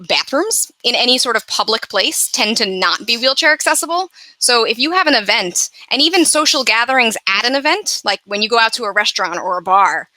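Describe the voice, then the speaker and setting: Woman panelist on a video call, frank and chatty, with a bright edge to her voice and a dry, close sound. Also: fairly high pitch, no echo, rough recording. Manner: candid, conversational, with many fillers. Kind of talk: personal account in an online panel discussion.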